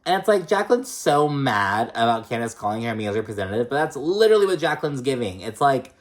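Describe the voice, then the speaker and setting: Recap vlogger: casual, profane, filler-heavy, mid-range voice, animated when mimicking the cast. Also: mid-range voice, fast. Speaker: reality TV recap host. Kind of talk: casual gossipy episode recap.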